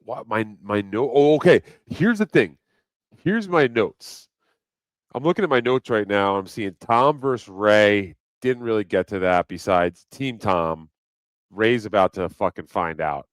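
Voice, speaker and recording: A man's voice: lowish voice, moderate pace, clean tone, no room sound. A man hosting a live stream, chatting casually in a rambling, profane, joking way. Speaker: livestream host. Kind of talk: casual livestream chat.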